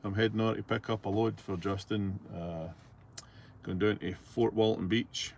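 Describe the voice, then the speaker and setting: A man's voice: on the low side, little pitch movement, normal speed, creaky, a little hiss or hum. A middle-aged man with a Scottish accent, driving his truck and chatting casually as he reads out viewer messages, rambling and easygoing with plenty of fillers. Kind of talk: casual chat while driving. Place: truck cab on the road.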